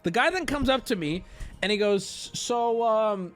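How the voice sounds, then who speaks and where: A man streaming, telling a rambling story to his chat in a casual, animated way and acting out the people in it. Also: high-pitched, fairly quick.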